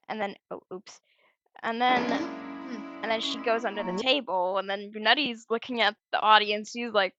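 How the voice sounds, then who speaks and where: A woman's voice: medium pitch, normal speed, a bit bright, no room sound. A woman chattily explaining her fan storyboard, giggly and full of restarts, on a dull lo-fi recording.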